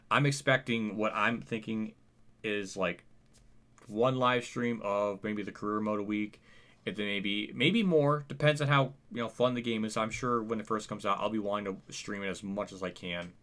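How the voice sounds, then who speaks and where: A man's voice: lowish voice, fairly bright tone. A tired young man giving a casual channel update, rambling and hesitant with lots of fillers, sounding weary and apathetic. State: tired, yawning. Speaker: channel host.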